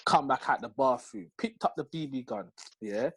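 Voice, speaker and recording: A young man with a London accent, telling a story in an animated, slang-heavy way as a podcast co-host. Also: medium pitch, fast talker, hardly any pauses, breathy edge, no echo. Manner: slangy, lively, full of street slang tags. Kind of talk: animated storytelling in casual chat.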